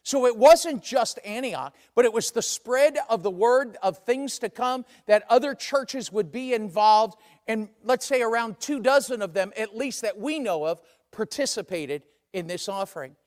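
In a church sanctuary with the long reverb of a large church, a man preaches a sermon conversationally, acting out the voices of people he quotes. His voice sits high, animated, at normal speed with few pauses.

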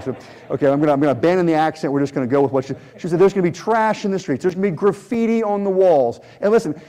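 A man preaching a sermon as a missionary pastor, earnest and repetitive, with prayerful pauses. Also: high-pitched, warm tone. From United States.

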